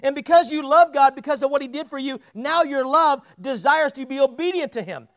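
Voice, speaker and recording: Man, very high voice, preacher, conversational sermon, asks the congregation questions, repeats words when pressing a point. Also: fairly quick, fairly bright tone.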